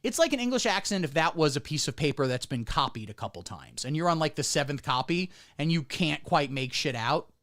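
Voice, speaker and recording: A man streaming sarcastic commentary, swinging between deadpan mutters and sudden squeaky outbursts. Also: brisk, hardly any pauses. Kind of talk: satirical livestream commentary.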